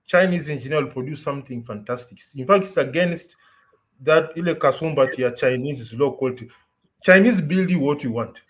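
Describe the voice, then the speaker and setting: A Kenyan podcast host with a slightly high, a little fast, somewhat bright voice chats casually and with strong opinions, and the recording is low quality. He tells stories while switching between English and Swahili.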